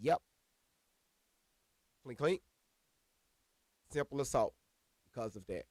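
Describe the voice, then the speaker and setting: A man casually telling a personal story to viewers, animated and profane, calling them y'all. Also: mid-range voice, slow, dry recording, studio quality. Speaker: storyteller recounting a personal incident.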